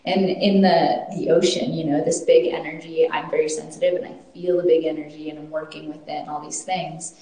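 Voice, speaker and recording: A woman with a slightly low, mellow voice tells a personal story, earnest and reflective, often restarting her sentences. Her voice rings around a very echoey room. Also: little pitch movement, a little fast, few pauses.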